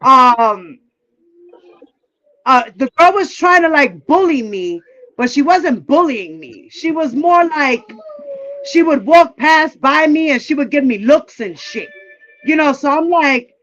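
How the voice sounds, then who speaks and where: High-voiced woman telling a blunt story. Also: lively intonation, measured pace, fairly bright tone, dull audio. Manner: candid and profane, acting out quoted dialogue. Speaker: livestream guest. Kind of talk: casual storytelling.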